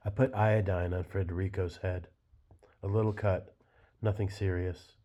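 A patient, weary wife who answers calmly with gentle reproach, read by a man in his own low voice. The tone is dark and mellow, on a dull lo-fi recording. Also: normal speed. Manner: quiet, calm, gently reproachful.

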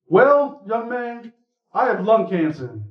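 A man voicing a gravely ill middle-aged Southern man who speaks in a folksy, plainspoken, heartfelt way, with a Southern US accent. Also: high voice, sing-song, takes it slowly, voice pushed up, exaggerated voice. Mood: weary, earnest. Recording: echoey room, from far off, muffled.

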